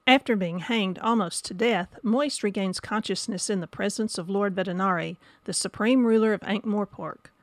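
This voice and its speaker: A woman reads a scripted review in a steady, mid-pitched voice. The recording is dry and close. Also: moderate pace, few pauses, no room sound. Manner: even, read from script. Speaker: book reviewer.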